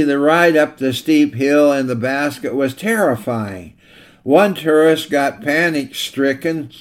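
A man preaching a sermon in a voice of middling pitch. He tells illustrative stories earnestly and slows down on the lines he wants to land. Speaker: pastor.

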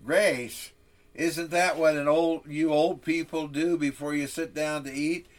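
A man's voice: a little high, steady tone, unhurried, lightly acted. A man voicing a rebellious young boy who sneers and later begs tearfully. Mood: defiant. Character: defiant young boy, rebellious then sobbing.

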